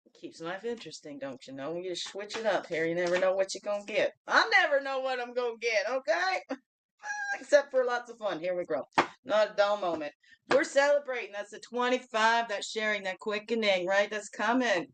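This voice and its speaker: A woman in mid range hosts a casual spiritual card reading, talking to her listeners like friends. She keeps checking in with a quick "okay?" and laughs easily. Her voice jumps from loud bursts to near-murmured asides. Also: medium pitch, big pitch swings, slight background noise. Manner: laughs often, swings between loud and soft. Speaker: host of a daily reflection show.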